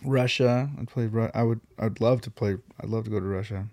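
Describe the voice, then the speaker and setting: A man hosting a podcast in casual chat, halting and restarting his sentences with many fillers. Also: lowish voice, steady tone, a little mellow. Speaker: podcast host.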